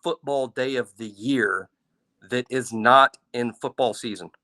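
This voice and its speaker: A man co-hosting a sports podcast, telling his opinions in an animated, casual way. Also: medium pitch, a little slow. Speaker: podcast co-host.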